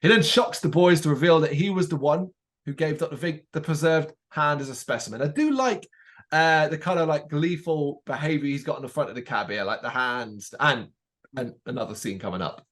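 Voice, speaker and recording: A man's voice: a little high, a little fast. A man co-hosting a podcast, casually recapping a TV episode and acting out the lines he quotes. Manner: animated retelling, acts out quotes. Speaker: podcast co-host.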